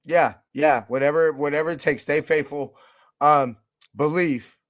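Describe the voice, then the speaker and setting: A young man with a slightly high voice hosts a fan radio show, speaking at a measured pace. His casual monologue is profane, emotional and hyped-up, in the manner of a podcast host.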